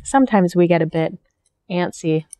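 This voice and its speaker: A woman voicing a rowdy troop of small ants in a high, excited and fussy manner, in a read-aloud storybook. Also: normal speed, no echo, studio quality, close to an everyday voice. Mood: polite.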